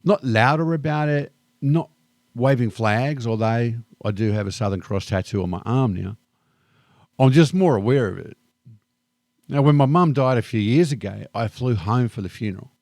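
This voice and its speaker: A middle-aged Australian man with an Australian accent, reflecting calmly and thoughtfully in a personal vlog monologue. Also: medium pitch, no echo, studio quality. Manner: calm, unhurried and thoughtful. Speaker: vlogger.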